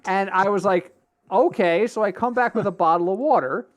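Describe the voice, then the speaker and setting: A middle-aged man co-hosting a casual podcast, telling a long story in a chatty, animated way. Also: high-pitched, fairly quick. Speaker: podcast co-host. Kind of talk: casual chat.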